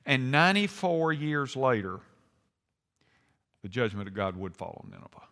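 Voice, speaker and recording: A man's voice: mid-range voice, very animated, normal speed, fairly bright tone. A man preaching a sermon in a folksy, conversational way, acting out quotes with rising intensity. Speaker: pastor. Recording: long hall reverb.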